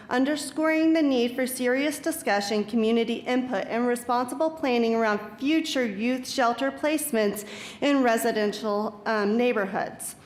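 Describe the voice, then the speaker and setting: Woman reading a prepared public statement. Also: a little high. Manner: measured, formal, reads with small stumbles. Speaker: public commenter. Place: city council chamber. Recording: echoey council chamber.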